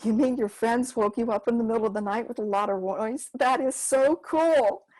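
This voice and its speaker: A woman's voice: on the high side, fairly even intonation, quick pace, a little mellow, natural voice, rough recording. A woman doing an impressed older boy.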